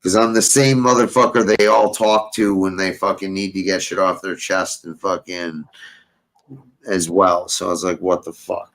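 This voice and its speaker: A man's voice: low-pitched, level tone, normal speed, a bit bright, rough recording. A young man hosting a casual talk show, telling a rambling story full of profanity and street slang. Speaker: podcast host.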